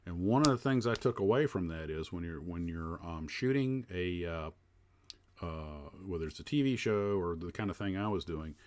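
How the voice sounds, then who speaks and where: A man hosting a casual livestream chat, talking in a rambling way with lots of fillers and restarts. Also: low-pitched. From United States. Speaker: livestream host.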